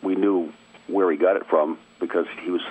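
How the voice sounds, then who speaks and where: Over a tinny, dry phone line, a middle-aged man from Maine relates a family story as a radio guest, easygoing and prone to chuckling. His deep voice has a darkish tone and a breathy edge, with fairly even intonation and a moderate pace.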